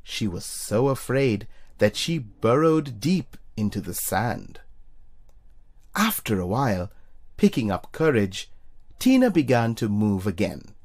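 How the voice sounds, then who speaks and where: A narrator reading a children's storybook aloud in an expressive way. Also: takes it slowly. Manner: expressive, puts on high squeaky voices for characters. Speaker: storybook reader for young children.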